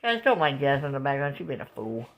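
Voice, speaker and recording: A woman's voice: a bass voice, quick pace, highs cut off. A woman vlogging from home on a phone camera, narrating out a window to her viewers. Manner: animated, coos and exclaims, talks to viewers as "guys". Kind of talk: casual home video narration.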